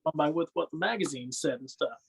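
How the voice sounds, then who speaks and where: Guesting on a podcast, this wrestling fan talks fast in a fairly high, creaky voice, with a slight hiss or hum on the recording. His casual chat wanders from story to story, punctuated by laughter and frequent "you know what I mean"s.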